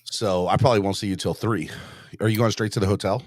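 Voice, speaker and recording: A man hosting a sports podcast in casual chat, rambling and excitable, often restarting his sentences. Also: lowish voice, fast talker, no room sound, studio quality. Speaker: podcast host.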